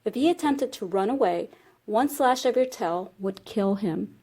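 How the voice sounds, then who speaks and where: A woman voicing a quick clever storybook rabbit. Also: on the high side, animated, mellow, breathy edge. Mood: brisk.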